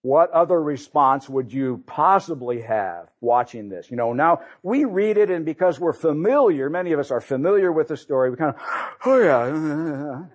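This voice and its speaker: A man's voice: fairly high pitch, animated, normal speed, few pauses. A man preaching a sermon, conversational, often repeating and restarting words.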